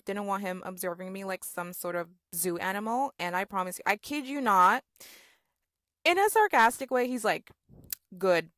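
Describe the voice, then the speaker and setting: A young woman tells a story straight to camera, casual and sarcastic, with many "like"s and "okay?"s. Her voice sits at an ordinary pitch for a woman. The recording is close and dry, with no room sound. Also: a bit bright, no echo. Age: 20s. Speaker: storytime vlogger.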